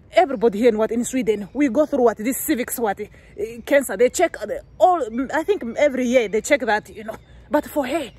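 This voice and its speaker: A woman's voice: on the high side, slightly rough. Heated young Namibian woman ranting. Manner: heated, repetitive, with many restarts and rhetorical "what". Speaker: gossip vlogger. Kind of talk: ranting commentary to the camera. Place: living in Sweden.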